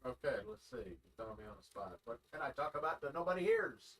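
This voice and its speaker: A man with a bright, forceful voice chats casually at home on a live stream. He tosses off quick jokes in an offhand way. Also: mid-range voice, lively intonation. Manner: joking, offhand. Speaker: host's brother. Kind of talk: casual chat.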